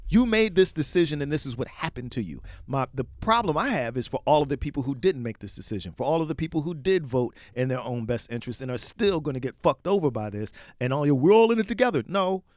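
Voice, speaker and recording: A man's voice: mid-range voice, lively intonation, fast, hardly any pauses, no echo, studio quality. A man co-hosting a podcast, arguing in a heated, profane, rhetorical way. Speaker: podcast co-host. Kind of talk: heated casual discussion.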